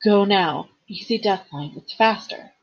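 Lady doing a determined teen girl, firm and bossy, husky, bit muffled. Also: mid-range voice, measured pace. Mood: commanding. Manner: firm, commanding like training a dog.

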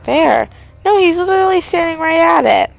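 A woman's voice: very high-pitched, animated, moderate pace, vocal fry, lo-fi sound, soft background music. A young woman playing along in a casual gameplay chat, puzzled and full of questions. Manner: puzzled, asks many questions.

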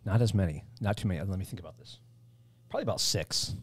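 A man's voice: low-pitched, fast, slightly rough, dry recording. A man who teaches guitar, talking easily as a podcast guest. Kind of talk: casual chat.

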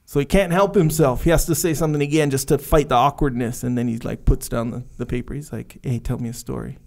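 A man's voice: medium pitch, quick pace. A man co-hosting a podcast, casually retelling movie scenes and acting out the characters' lines. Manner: animated storyteller, acts out movie lines. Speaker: co-host. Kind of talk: casual chat.

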